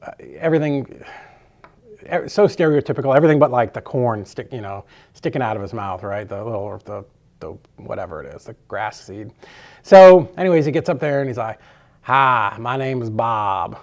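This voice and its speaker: A man's voice: mid-range voice, animated, a little fast, mellow. Chatty, loose-talking man teaching a course. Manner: loose and chatty, with frequent swearing and filler words. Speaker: real estate course instructor. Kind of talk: casual storytelling lesson.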